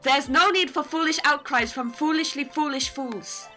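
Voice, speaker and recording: Imperious snooty prosecutor girl, bossy and sharp, a woman doing her. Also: high-pitched, normal speed, faint music behind. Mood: scornful. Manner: scornful and commanding. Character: haughty, imperious young woman prosecutor with a whip.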